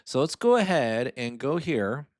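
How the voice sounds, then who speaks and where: A man's voice: mid-range voice, very animated, measured pace, no room sound, studio quality. A man hosting a personal finance channel, talking casually with lots of asides while he walks through a spreadsheet. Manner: chatty and informal, lots of fillers and asides. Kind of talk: casual explainer.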